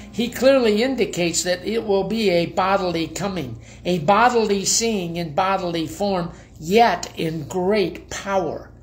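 An older man, a pastor giving a devotional sermon, earnest and folksy, reading quotations aloud with homely asides. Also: high voice.

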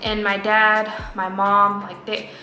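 A young woman telling a chatty, animated storytime vlog about being stuck at an airport. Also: slow pace, faint music behind. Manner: animated, chatty, rising to high emotional peaks. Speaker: vlogger. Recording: echoey room with faint background noise.

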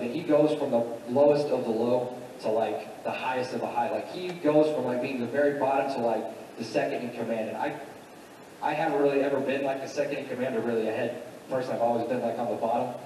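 A man's voice: medium pitch, fairly even intonation, fairly quick, warm tone, slight background noise. A man preaching a sermon, retelling a story casually with many fillers, in a church sanctuary. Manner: casual, filler-heavy retelling with "like" and "you know". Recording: echoey hall from far off.

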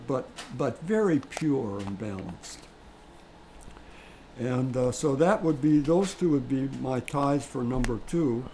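A man co-hosts a relaxed coffee tasting, speaking very slowly in a mellow, dark tone. He picks his words haltingly and carefully, with a faint hum of room ambience behind him. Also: mid-range voice, low-quality recording. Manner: slow, halting, measured. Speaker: co-host. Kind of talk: casual tasting chat.

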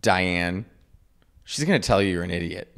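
A man's voice: sits low, lively intonation, fairly bright tone. A man from Chicago with a Chicago accent, co-hosting a casual comedy podcast in a chatty, teasing way. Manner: teasing, chatty, quick to explain. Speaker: podcast co-host.

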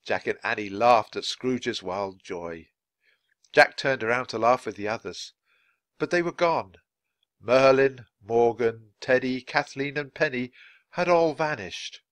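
A man reading a children's book aloud at natural speed for English learners, clear and expressive. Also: medium pitch, measured pace, no room sound. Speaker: storybook reader.

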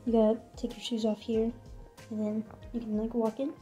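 A woman's voice: on the high side, little pitch movement, a little fast, dark tone, faint music behind. A young woman vlogging from a small room, telling a story casually and filling her speech with "like". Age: young adult. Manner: chatty, fills speech with "like". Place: small quarantine room indoors.

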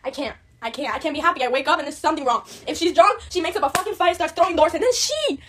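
Racing along at an extremely high pitch with lively intonation, a teenage woman in her late teens livestreams from home over background noise. A native Spanish speaker, she's upset and agitated, swearing angrily in a rant that mixes English and Spanish.

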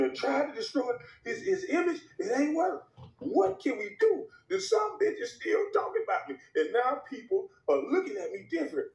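A man's voice: darkish tone, roomy sound, distant mic, full character voice, rough recording. A man doing an impression of a frantic male TV sports pundit who stammers and whines, in a comedy skit. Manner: high-pitched, whiny, stammering.

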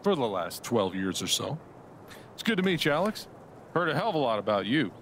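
An actor playing a blunt, joking middle-aged bar owner in a video game, swearing easily. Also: male voice, medium pitch, very animated, fairly quick, a bit bright, slight background noise.

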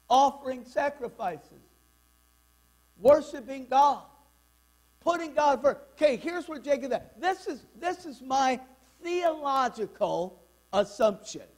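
A man's voice: very high-pitched, darkish tone. A man in his sixties preaching a fervent, worked-up sermon in church. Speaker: pastor.

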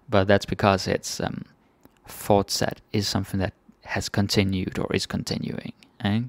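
A man's voice: on the low side, steady tone, moderate pace, vocal fry, no echo. A Danish man teaching phrases in a casual, chatty lesson, repeating each one with varied intonation. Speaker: language teacher.

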